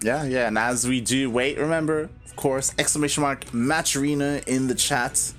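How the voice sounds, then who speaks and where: A man's voice: medium pitch, steady tone, normal speed, faint music behind. A man co-casting a live strategy game match, giving laid-back analysis with frequent laughing asides. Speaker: esports co-caster.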